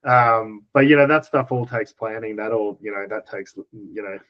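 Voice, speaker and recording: An Australian man talking as a podcast guest, telling stories in a relaxed way with lots of fillers and chuckles. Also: fairly low pitch, normal speed, lo-fi sound. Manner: laid-back, chuckling storyteller with many fillers. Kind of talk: casual chat.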